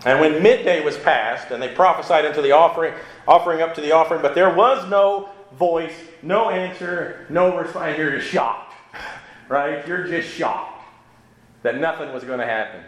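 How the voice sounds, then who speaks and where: A man's voice: fairly high pitch, moderate pace, roomy sound, rough recording. A man preaching a sermon in a conversational way, often checking in with his listeners through rhetorical asides. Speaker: pastor.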